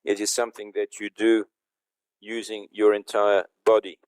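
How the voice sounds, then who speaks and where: A man's voice: lowish voice, monotone, moderate pace, smooth. Older man explaining a lecture. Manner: explanatory, checks in with listeners. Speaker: professor giving a conference talk. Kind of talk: online lecture presentation.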